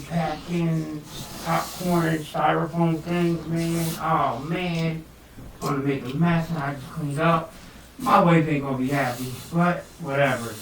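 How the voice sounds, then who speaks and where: Chatty man filmed by a far-off phone. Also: fairly high pitch. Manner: loose, chatty, exclaims a lot. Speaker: hobby snake breeder vlogger. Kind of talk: casual unboxing vlog. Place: home kitchen. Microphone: phone camera set across the room. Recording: echoey, distant and noisy room sound.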